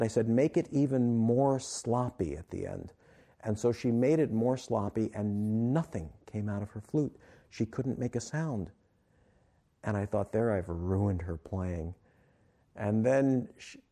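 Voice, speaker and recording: A man, an author and guest on an interview show, telling a story at length and acting out the quoted lines. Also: fairly low pitch. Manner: animated storyteller, acts out quotes.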